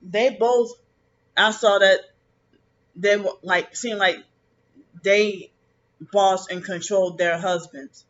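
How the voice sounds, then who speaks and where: High, bright-voiced man rambling bitterly. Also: steady tone. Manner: rambling, halting, many restarts; bitter and resentful about family. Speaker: vlogger. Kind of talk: casual personal monologue. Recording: dull lo-fi with faint background noise.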